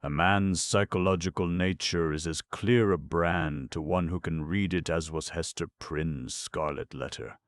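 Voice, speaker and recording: A man reading an audiobook, voicing a languid, foppish gentleman detective with an unemotional, mocking drawl. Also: low-pitched, steady tone, a little slow, few pauses, dry recording, studio quality. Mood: drawling, amused.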